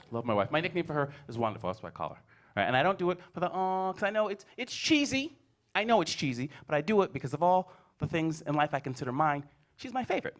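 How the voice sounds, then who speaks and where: A man in his forties works a stand-up set with a lively voice that swings up and down in pitch. His tone sits a little high for a man. He tells family stories and acts out his kids. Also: quick pace. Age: 40s. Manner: animated storytelling, acting out his kids. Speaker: stand-up comedian. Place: comedy stage before a live audience.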